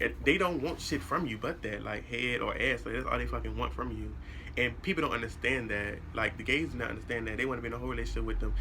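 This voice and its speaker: A young adult man tells a personal story straight to his viewers. His voice is very bright and sharp, and he talks in a blunt, animated way with plenty of cursing. A faint hum sits in the background. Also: mid-range voice. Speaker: vlogger. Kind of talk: casual storytime monologue.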